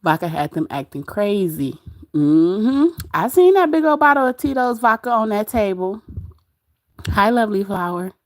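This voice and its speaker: Her medium-pitched voice swings widely in pitch at a normal speed, captured in a dry, studio-quality recording. On her casual livestream, the host gossips about another streamer, reading the chat and laughing often.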